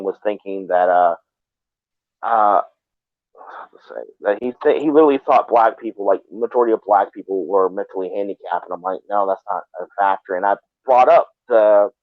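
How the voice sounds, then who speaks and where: A man's voice: mid-range voice, no room sound. A man hosting a live stream, chatting casually in a rambling, profane way with many restarts. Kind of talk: casual chat. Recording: tinny phone-like line.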